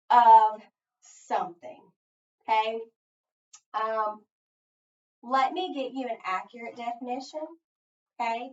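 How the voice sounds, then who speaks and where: A woman teacher giving a phonics lesson, thinking aloud step by step and pausing so listeners can finish her sentences. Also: a little high, fairly bright tone. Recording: echoey, distant, dull sound.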